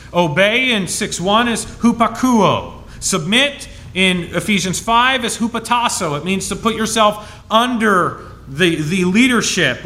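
A man preaching as pastor, reading scripture with emphasis and dropping to soft, low asides in a conversational way. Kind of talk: sermon.

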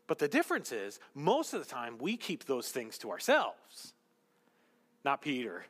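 Animated preacher in an echoing hall. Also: male voice, medium pitch, unhurried, husky. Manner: animated, acts out quotes with shifts to hushed whispers. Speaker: pastor. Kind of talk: sermon.

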